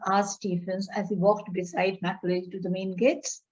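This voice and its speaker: A woman's voice: medium pitch, flat delivery, darkish tone. A woman teacher with an Indian English accent, reading a story aloud in an online class, then explaining it line by line and asking students questions. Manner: reads a passage, then paraphrases it slowly and quizzes students. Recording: dull, lo-fi audio.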